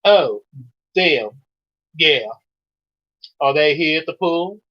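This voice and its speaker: A man's voice: fairly high pitch, animated, slow, lo-fi sound. A man doing offhand teens in a New York accent. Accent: New York (put on).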